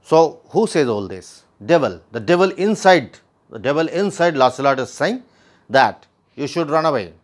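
A male literature teacher walks through a classic play line by line, his slightly higher-than-usual voice rising and falling a great deal in a sing-song way at normal speed. After each quoted line, he restates its meaning in simple words.

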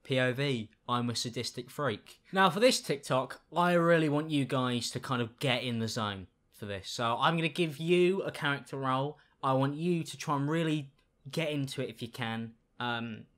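A man giving casual reaction commentary, with sarcastic, deadpan asides. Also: mid-range voice, moderate pace. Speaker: YouTube commentator.

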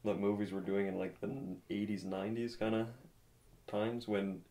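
A man's voice: on the low side, little pitch movement, moderate pace, dark tone. A man co-hosting a film podcast, breaking the film down analytically and acting out quoted lines now and then. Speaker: podcast co-host. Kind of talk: casual film discussion.

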